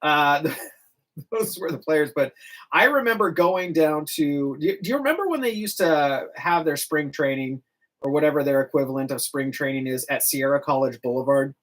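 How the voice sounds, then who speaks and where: A man's voice: a little high, normal speed. Chatty middle-aged male radio host. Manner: chatty, rambling, animated with laughs. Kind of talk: casual morning radio chat.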